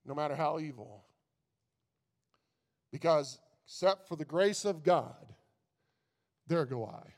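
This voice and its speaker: A man's voice: a little high, lively intonation, slow, pauses often, a little mellow. A man pastor giving an informal sermon, talking casually to his congregation and building to fervent intensity. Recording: long reverb of a large hall.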